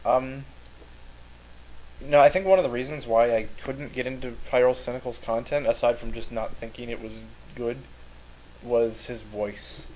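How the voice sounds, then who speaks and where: Young male co-host, mid-pitched, hesitant and hedging, casual live chat. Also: steady tone, normal speed, darkish tone, slight background noise, poor audio. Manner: hesitant, hedging with "I don't know". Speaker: podcast co-host.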